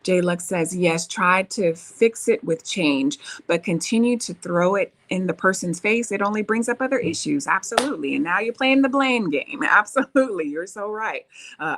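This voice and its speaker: A woman's voice: fairly low pitch, animated, normal speed, fairly bright tone. A woman hosting a relationship advice talk, coaching listeners and reading viewer comments, often checking in with "right?". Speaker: relationship talk show host.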